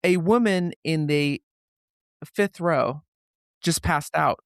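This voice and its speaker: A show host and theatre director chatting with a guest, telling animated anecdotes, acting out quoted voices and swearing casually. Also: mid-range voice, slow, clean tone, dry recording, clean studio sound. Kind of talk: casual interview chat.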